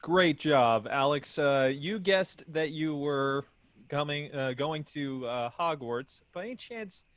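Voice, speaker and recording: A man's voice: a little high, expressive, slow, fairly bright tone, no room sound. A man hosting an improv comedy game show, upbeat and explaining the rules.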